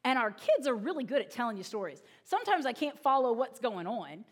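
A woman's voice: on the high side, brisk, slightly rough. A woman pastor giving a sermon, telling a funny story with lots of acted-out quotes. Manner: animated, humorous storytelling with voiced quotes.

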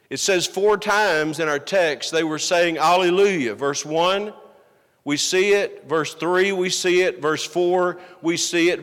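A man's voice: on the high side, fairly bright tone. A man preaching a sermon as a pastor, earnest and emphatic, often asking the congregation rhetorical questions. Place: church sanctuary. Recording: long hall reverb.

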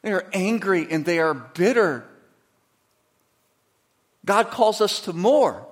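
A pastor delivering a sermon, moving between quiet, conversational asides and loud, emphatic preaching, acting out quoted voices. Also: male voice, sits high, animated, takes it slowly. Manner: acts out quoted voices dramatically.

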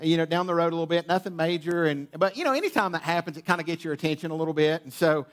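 High-voiced man telling a funny sermon story. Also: rapid-fire. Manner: humorous, animated storytelling with many restarts. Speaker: pastor. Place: church auditorium with sound booth.

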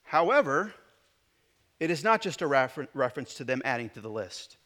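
A man preaching a sermon in church, reading scripture and explaining it, moving between loud emphatic declarations and quiet asides. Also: mid-range voice, very animated, normal speed. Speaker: pastor.

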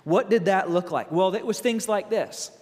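Animated male pastor preaching in a hall. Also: sits high, moderate pace. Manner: animated, asks many rhetorical questions. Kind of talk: sermon.

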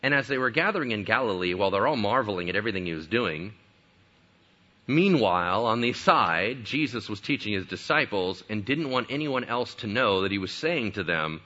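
Animated, bright-voiced male preacher. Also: on the low side, fairly quick, highs cut off. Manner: conversational, asks rhetorical questions. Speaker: pastor. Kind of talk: sermon.

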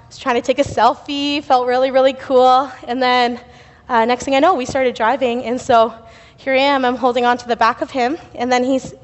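Young woman speaker, high-pitched, casual storytelling sermon, long reverb of a sanctuary. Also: flat delivery, moderate pace. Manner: chatty storytelling with laughs and fillers. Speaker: youth speaker at church. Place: church sanctuary. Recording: reverberant church hall.

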